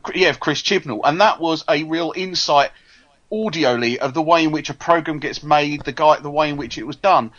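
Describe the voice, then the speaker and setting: A man chatting on a podcast, his voice sitting slightly high. He talks freely and often trips over his first words. The recording sounds dull and lo-fi. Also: moderate pace, fairly bright tone. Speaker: podcast co-host. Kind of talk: casual chat.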